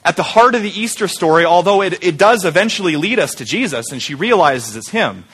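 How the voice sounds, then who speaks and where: Bright-voiced male pastor preaching. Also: high-pitched, a little fast, husky. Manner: conversational, animated, rhetorical questions. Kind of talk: Easter sermon.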